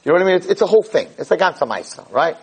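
A man giving a Jewish lecture, telling a story in an animated, digressive way. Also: on the high side, rapid-fire, creaky, husky, rough recording.

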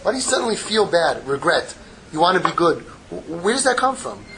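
A man giving an impassioned Torah sermon, mixing Hebrew terms into English and swinging from loud pleading to hushed, intimate tones. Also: a little high, very animated, brisk, background noise. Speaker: rabbi giving a Torah class.

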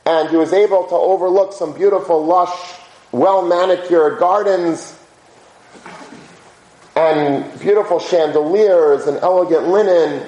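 A man's voice: high-pitched, a little slow, darkish tone. A man teaching a conversational religious lecture, telling stories in an informal, anecdotal way and dropping in Hebrew and Yiddish terms. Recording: roomy echo.

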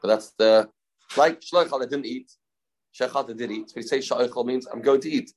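A man's voice: medium pitch, a little fast. Man teaching Talmud step by step. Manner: explains step by step, repeats key phrases. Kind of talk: daf yomi lecture.

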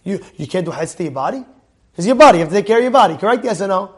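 A rabbi with a notably high voice for a man, teaching in a loose, chatty way. He tells anecdotes and throws questions out to the room, calling on people by name. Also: animated, rapid-fire, husky. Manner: conversational, tells stories, quizzes the audience by name. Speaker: rabbi teaching a Torah class. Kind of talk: informal Torah lecture.

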